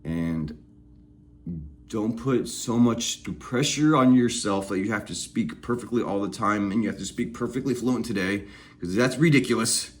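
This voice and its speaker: A man's voice: on the low side, moderate pace. A man hosting speaking-practice videos, giving a candid, encouraging self-therapy monologue in which he acts out his own inner voices.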